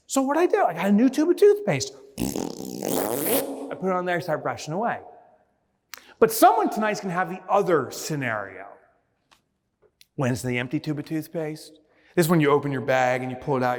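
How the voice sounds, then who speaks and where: A man giving a conference keynote, telling a story with lively acted-out asides before moving on to business advice. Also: a little high, normal speed, pauses often. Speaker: keynote speaker. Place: large conference hall. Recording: reverberant hall.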